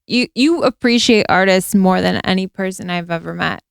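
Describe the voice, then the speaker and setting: A woman co-hosting a podcast talks in a supportive, thoughtful way. Her voice is smooth with some gravel in it. The sound is dry and close to the mic. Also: mid-range voice, normal speed, no room sound. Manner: supportive, reflective. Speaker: podcast co-host. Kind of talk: casual chat.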